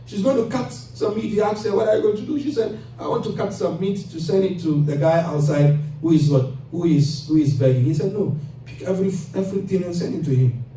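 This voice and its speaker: A man's voice: sits high, a little fast, warm tone, slight background noise. A man preaching a mosque sermon, telling moral stories and acting out the voices of the characters in them. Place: mosque hall. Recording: echoey hall recording from far off.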